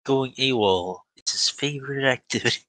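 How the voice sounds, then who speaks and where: A man's voice: mid-range voice, moderate pace, sharp tone, no room sound, rough recording. A young man chatting casually as a tabletop game player, rambling with restarts and swearing. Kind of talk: casual chat between players.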